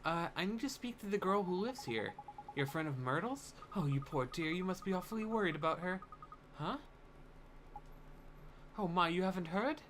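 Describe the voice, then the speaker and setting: A man's voice: high-pitched, lively intonation, normal speed, pauses often, fairly bright tone, slight background noise, pitched above the performer's own voice. A man voicing a chatty old neighbor woman who rambles on in fussy gossip. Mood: gossipy.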